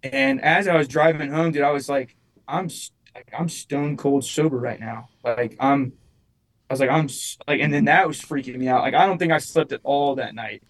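A man's voice: mid-range voice, brisk, a bit bright, poor audio. A young man, a musician guest, telling a personal story in casual chat, rambling with lots of restarts and fillers.

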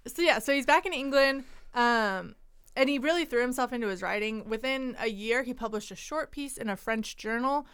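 A woman co-hosts a podcast, recounting history in casual, chatty conversation and laughing often. Her fairly high voice is smooth and a bit bright, at a moderate pace, with no room sound.

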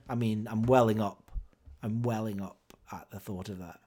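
A man's voice: fairly low pitch, fairly even intonation, normal speed, dark tone. A man hosting a casual podcast, sarcastic and mock-solemn, who breaks into sung football chants. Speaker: podcast host.

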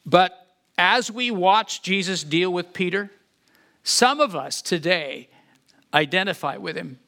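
A man's voice: high-pitched, animated, slow pace, creaky, pushed and bright. A man preaching a sermon as pastor, earnest and often repeating words as he builds emphasis, then leading a prayer.

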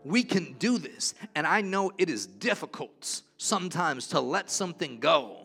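A man preaching a sermon, emphatic and repetitive, moving between soft, low passages and loud, rising declarations. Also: expressive, unhurried, vocal fry, breathy edge, soft background music.

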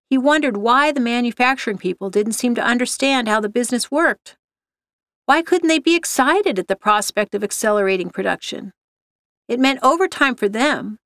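A woman narrating a story in a steady, measured reading voice. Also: a little high, no echo, studio quality.

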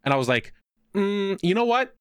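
A young man telling a long anecdote in a casual chat, swearing freely and getting animated when quoting people. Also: high voice, normal speed, clear, resonant tone, no room sound, clean studio sound.

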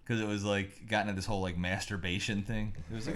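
A man co-hosting a podcast, telling rambling, animated stories in casual chat and swearing freely. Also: lowish voice, fast, hardly any pauses. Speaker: podcast co-host.

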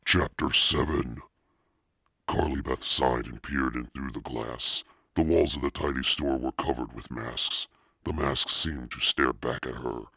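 A man narrating a spooky children's storybook in a steady, suspenseful reading. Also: rumbling low, a little slow, gravelly, husky, no room sound, clean studio sound. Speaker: audiobook narrator.

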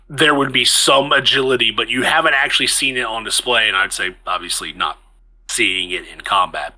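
Bright-voiced male game master. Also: medium pitch, rough recording. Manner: lively, conversational narration with frequent restarts. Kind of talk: narrating a tabletop game.

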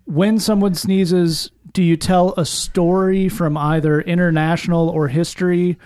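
A man co-hosting a comedy podcast in a studio, pitching jokes with dry sarcasm. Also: little pitch movement, unhurried, darkish tone, clean tone, no echo. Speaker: podcast co-host.

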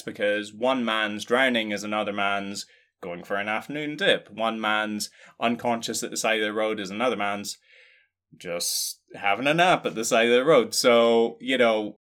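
Bright-toned man co-hosting a chat. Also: fairly low pitch, moderate pace. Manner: wry, jokey, explanatory. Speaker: podcast co-host. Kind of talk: casual discussion.

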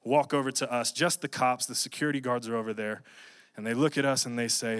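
A young man preaching, telling a funny personal story in an animated, jokey way. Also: medium pitch, brisk. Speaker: pastor. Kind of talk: storytelling sermon.

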